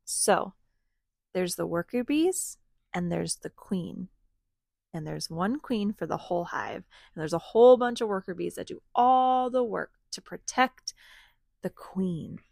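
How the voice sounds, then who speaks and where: A woman at home reading a storybook aloud to her children, pausing to ask them gentle questions. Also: on the low side, lively intonation, creaky, no echo.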